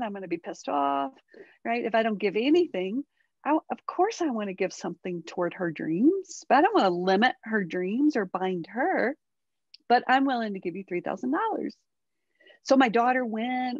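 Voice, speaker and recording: Middle-aged woman, expressive interview guest; dry, muffled lo-fi mic. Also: fairly high pitch, no echo. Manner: animated, acts out quoted dialogue, many tag questions. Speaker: parenting expert guest. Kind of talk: interview conversation.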